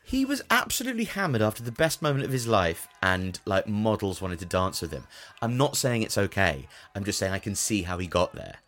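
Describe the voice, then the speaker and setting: A man with a fairly low voice co-hosting a comedic chat. He is wry and argumentative, building his points into little rants. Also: sing-song, a little fast, few pauses, fairly bright tone. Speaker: podcast co-host.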